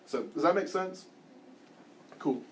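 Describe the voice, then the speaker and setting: A man's voice: a little high, takes it slowly, slight background noise. Man telling a wry story in church class. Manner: animated storyteller, wry self-deprecating humor; loose and conversational, frequent ums and restarts. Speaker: church class teacher and life group leader. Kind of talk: teaching with a personal story.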